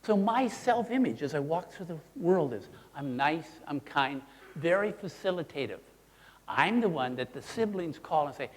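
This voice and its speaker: A man presenting a teaching seminar, who talks in an animated way and acts out his examples in character voices. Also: on the high side, normal speed. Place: presentation room. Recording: long hall reverb.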